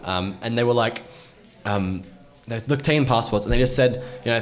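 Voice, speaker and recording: A man's voice: medium pitch, fairly quick. Rambling young male panel host. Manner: rambling, self-interrupting storyteller who laughs often. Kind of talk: casual convention panel chat.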